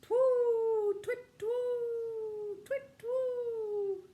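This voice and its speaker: Older woman voicing a screeching hoarse male barn owl for a storybook, very high. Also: steady tone, very slow, warm tone, roomy sound, slight background noise, full character voice.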